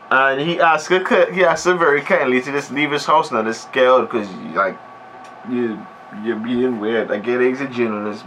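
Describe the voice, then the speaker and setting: A man's voice: medium pitch, pushed and bright, a little hiss or hum, poor audio. A man giving a comedic movie recap, rambling and sarcastic, often cutting himself off mid-sentence. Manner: rambling, sarcastic, self-interrupting. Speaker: movie reviewer.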